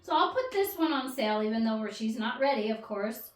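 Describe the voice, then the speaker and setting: Mom hosting a book chat, kinda high voice, far off mic in an echoey room. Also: female voice, animated, fairly quick. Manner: laughs often, warm sign-offs. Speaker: book club podcast host. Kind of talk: casual family chat. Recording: roomy sound, distant mic, faint hiss.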